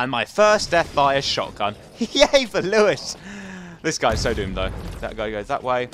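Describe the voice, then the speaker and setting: A young man giving casual, excitable commentary over gameplay. He yelps and chatters at the game as he plays. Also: medium pitch, fairly quick, slight background noise. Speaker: gaming commentator.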